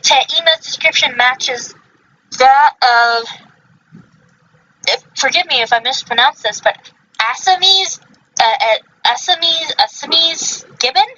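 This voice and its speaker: A woman's voice: a little high, a little slow, pauses often, bright, forceful tone, lo-fi sound. A woman hosting a podcast in casual chat, rambling with many fillers and self-corrections. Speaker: podcast host.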